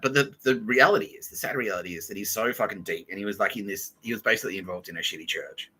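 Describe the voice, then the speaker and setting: A man hosting a podcast, telling a comic story in a loose, sweary, animated way and laughing between phrases. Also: on the low side, quick pace, hardly any pauses, breathy edge, poor audio. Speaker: podcast host. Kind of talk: casual comedic storytelling.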